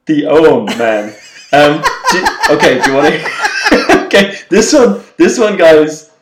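A man's voice: fairly high pitch, very animated, measured pace, echoey room, very noisy. A man hosting a podcast, playfully setting quiz clues and laughing often in casual chat. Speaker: podcast host.

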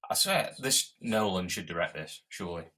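A man co-hosting a casual podcast, answering his co-host with quick, short reactions. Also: sits low, expressive, bright, forceful tone, breathy edge. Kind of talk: casual chat.

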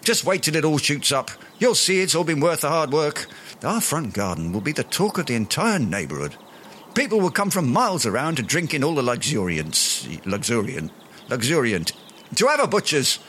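A man's voice: a little high, big pitch swings, moderate pace, a bit bright, a little hiss or hum. A man doing a pompous, grandiloquent Englishman. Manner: grandiloquent, long-winded, flowery words. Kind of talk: radio sitcom acting.

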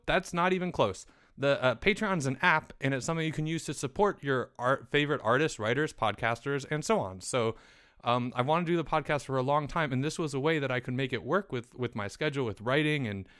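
A man's voice: medium pitch, brisk, a bit bright, smooth, no room sound, clean studio sound. A man hosting a comedy podcast, playing the patient, mildly exasperated straight man in casual banter. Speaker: podcast host.

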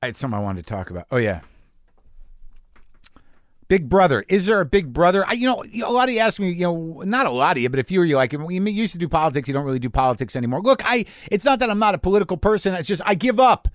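Male podcast host, slightly high voice, dry close sound, rambling, cursing, self-deprecating. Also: animated, fast talker, no echo. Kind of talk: casual monologue. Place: garage studio.

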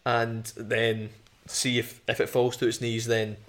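A man's voice: mid-range voice, flat delivery, measured pace, fairly bright tone. A man playing a tabletop role-playing game, chatting casually and playfully. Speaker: player.

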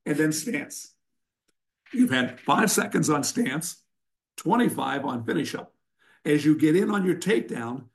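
A man's voice: a little high, vocal fry, darkish tone. An older man, a wrestling coach and guest, giving blunt, emphatic instruction and telling sarcastic stories in an interview.

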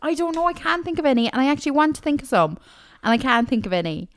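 A woman's voice: sits high, very animated, quick pace, dry recording. A young woman, co-hosting a podcast in casual chat, teasing and sarcastic. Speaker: podcast co-host.

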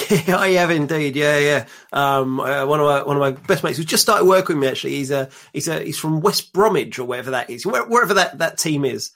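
A man with a somewhat high voice co-hosting a relaxed podcast. He jokes dryly in easy banter with his co-host. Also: brisk, few pauses. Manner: dry, joking banter. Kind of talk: casual chat.

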